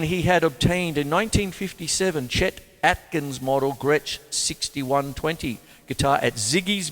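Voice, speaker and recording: A man's voice: fairly high pitch, normal speed, few pauses, fairly bright tone, in a large hall. An Australian man, a drummer hosting a music show, explaining drum techniques in a chatty, rambling way with jokey asides. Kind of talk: casual music lesson.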